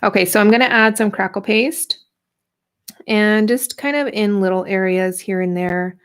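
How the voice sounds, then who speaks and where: A woman's voice: mid-range voice, moderate pace, smooth. A woman in her thirties hosting a casual art journaling livestream, chatty and playful, greeting viewers as she works. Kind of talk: casual livestream craft demo.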